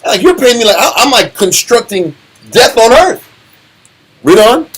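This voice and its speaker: A man leading a casual Bible study, animated and full of rhetorical questions and slang. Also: very high voice, a little slow, breathy edge, poor audio. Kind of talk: casual scripture teaching.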